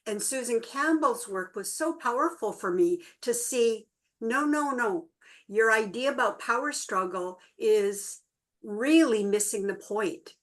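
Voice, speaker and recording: A woman's voice: fairly high pitch, unhurried. A middle-aged woman co-hosting a relationship workshop, telling stories to a small group and livening up the quoted voices. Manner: storytelling, animated in quoted voices. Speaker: workshop co-host. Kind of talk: relaxed talk to a small group.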